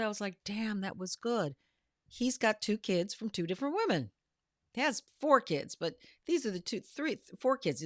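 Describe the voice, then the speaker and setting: A woman co-hosting a casual panel chat, telling animated stories and acting out what people say. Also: medium pitch, dry recording, studio quality. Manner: animated storyteller who acts out quotes. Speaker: podcast co-host.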